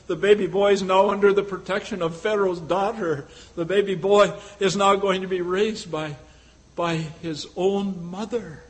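Male preacher, high voice, storytelling sermon, rhetorical questions, halting fillers. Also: rough recording.

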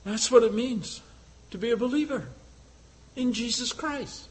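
High-voiced man preaching dramatically. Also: measured pace, pauses often, low-quality recording. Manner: dramatic, swings between loud exhortation and hushed questions. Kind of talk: sermon.

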